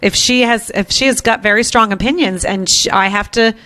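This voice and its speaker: A woman's voice: a little high, a little fast, pushed and bright. A middle-aged woman hosting a podcast, telling stories in a chatty way with lots of filler words. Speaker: podcast host. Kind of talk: casual interview chat.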